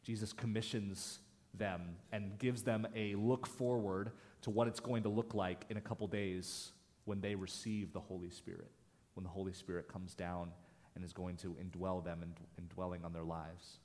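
A man's voice: low voice, flat delivery, normal speed, darkish tone. A man pastor giving an earnest, emphatic sermon, sometimes dropping to a near whisper. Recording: long hall reverb.

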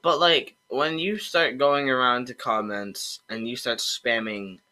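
A man's voice: mid-range voice, unhurried, few pauses. A young man co-hosting a casual podcast, joking around and slipping into mock voices. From United States. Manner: jokey, animated, slips into mock voices. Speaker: podcast co-host. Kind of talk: casual chat.

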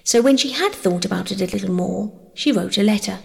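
Female narrator, gentle bedtime reading; gravelly texture, reverberant hall. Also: medium pitch, fairly quick. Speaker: audiobook narrator.

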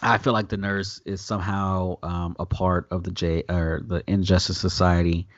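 A man's voice: deep voice, moderate pace, dry recording, dull audio. A man recapping a TV episode in loose, profane casual chat. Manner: loose, profane, animated retelling with quoted voices. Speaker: podcast host recapping an episode.

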